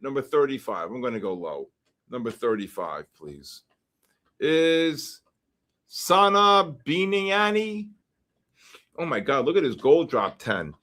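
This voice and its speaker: A man hosting a livestream, reading out numbers and usernames for a giveaway and getting excited about each winner. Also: medium pitch, slow. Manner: excitable, shouts when names are drawn. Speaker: livestream host. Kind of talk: live-stream giveaway draw.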